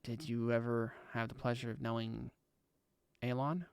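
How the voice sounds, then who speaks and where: A man's voice: medium pitch, fairly even intonation, normal speed, gravelly, a little mellow, natural voice. A man voicing a sheepish, evasive female agent in a tabletop game, speaking hesitantly in his own voice.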